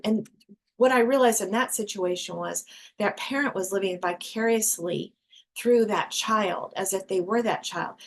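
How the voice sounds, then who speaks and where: A woman's voice: mid-range voice, a little hiss or hum. A woman hosting a casual group discussion, talking earnestly and emphatically with frequent restarts. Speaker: discussion host.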